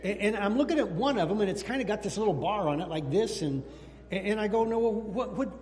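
A male pastor preaching a sermon, telling a story in an animated way and calling out to the children in the congregation. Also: sits high, fast. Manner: animated storytelling, talks to the kids in the room. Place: church sanctuary. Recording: long hall reverb in a church.

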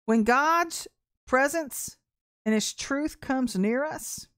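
A woman minister giving a casual prophetic sermon, emphatic and repeating her key phrases, often clearing her throat. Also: high voice, slow, fairly bright tone.

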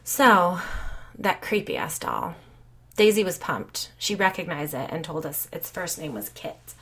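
A woman's voice: on the low side, sing-song, a little slow, fairly bright tone, husky, full character voice. A woman voicing a sardonic, foul-mouthed rich mom. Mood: gossipy. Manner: chatty, sardonic, swears casually. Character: blunt, foul-mouthed wealthy young mother. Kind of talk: audiobook reading.

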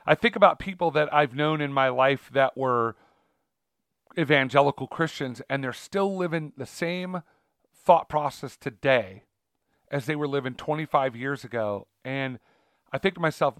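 On a casual talk show about faith, a male podcast co-host rambles along with lots of fillers and restarts. His voice is medium-pitched and a little bright, at a normal speed, recorded with studio quality and no room sound.

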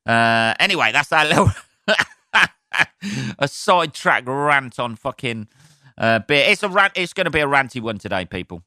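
A man with a Southern English accent rants solo on his podcast, swearing freely and tossing jokey asides to his listeners. His voice is bright and forceful, smooth and clear, recorded close and dry with no room echo. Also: mid-range voice, animated, a little slow, pauses often. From southern England. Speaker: podcast host, stand-up comedian.

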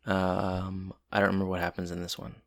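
A man co-hosting a casual chat, retelling a TV episode with relaxed joking asides and hesitant fillers. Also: low voice, a little fast, gravelly. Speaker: podcast co-host.

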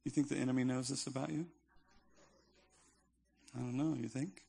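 A man's voice: mid-range voice, fairly even intonation, normal speed, creaky, warm tone, husky. A male pastor preaching a sermon in a conversational, emphatic style with touches of humor.

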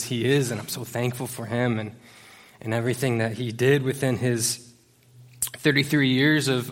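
Guy youth pastor preaching casual to the church crowd, mid pitch, lots of ums and little jokes. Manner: casual, joking, many fillers. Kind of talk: conversational sermon. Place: church service before a congregation.

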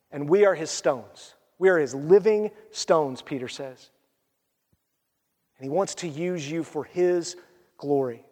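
A man preaching a sermon as pastor, reading scripture aloud and moving from animated storytelling to hushed appeals. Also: sits high. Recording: hall reverb.

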